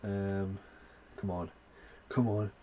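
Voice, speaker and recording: Deep-voiced man ranting about a film. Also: little pitch movement, slow, warm tone. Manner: swears a lot, rambling with many fillers. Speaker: movie reviewer. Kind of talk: casual rambling film review.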